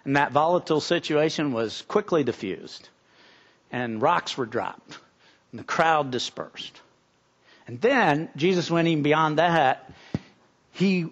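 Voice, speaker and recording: A middle-aged male pastor preaching a sermon in an earnest way, often restarting and building to emphatic peaks. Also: mid-range voice. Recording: slightly dull lo-fi recording.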